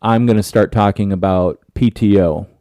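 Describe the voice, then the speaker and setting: A man co-hosting a podcast speaks in a low, mellow voice that sounds tired and scratchy. He rambles through casual chat and restarts his sentences often. The recording is close and dry. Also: fairly even intonation, normal speed, no echo. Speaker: podcast co-host.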